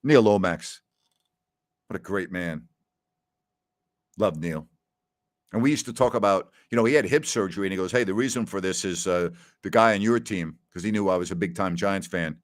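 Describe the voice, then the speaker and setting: A middle-aged man hosts a live question-and-answer stream, his voice sitting low at a normal speed with long pauses. He tells stories and reads viewer comments in a chatty style, often repeating names and phrases.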